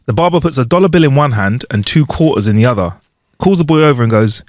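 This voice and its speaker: A man co-hosting a podcast, telling jokes in an animated way and slowing down for the punchlines. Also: mid-range voice, no echo, studio quality. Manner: animated storytelling, slows down for punchlines. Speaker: podcast co-host. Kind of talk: casual chat, telling jokes.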